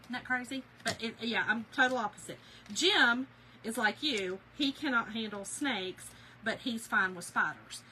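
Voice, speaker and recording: A woman with a drawl chats with her livestream audience in an animated, storytelling way. Her voice is bright and sits a little high. Faint room noise hums in the background. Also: normal speed, poor audio. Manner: chatty, animated storyteller, laughs often. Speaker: craft channel host. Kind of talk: casual livestream chat with viewers. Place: home.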